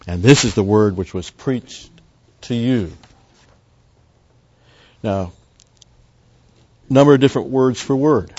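A man's voice: mid-range voice, slow pace, pauses often, darkish tone, lo-fi sound. An older man teaching a Bible study lecture in a rambling, conversational way full of asides.

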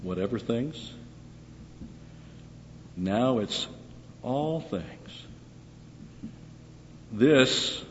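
A man's voice: lowish voice, a bit bright, slight background noise. A man giving a verse-by-verse Bible teaching, chatty and asking his listeners questions before answering them himself. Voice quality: conversational, asks and answers own questions. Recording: dull recording with long hall reverb.

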